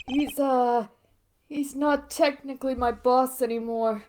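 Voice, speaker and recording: A woman voicing an earnest young male ex-agent with an attempted Cockney accent and a hesitant, halting manner. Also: high-pitched, fairly even intonation, over music. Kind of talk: let's play voice acting.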